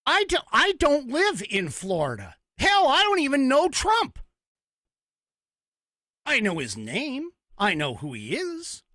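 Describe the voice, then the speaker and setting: Angry ranting man, forceful and lively. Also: very high-pitched, slow pace, dry recording, studio quality. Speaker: podcast host. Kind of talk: opinion podcast monologue.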